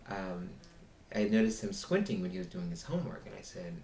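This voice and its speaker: A man's voice: low voice, very animated, brisk, gravelly, a little mellow, roomy sound, a little hiss or hum. A man recording a casual vlog about being a foster parent, rambling as he retells a conversation and voices both sides of it.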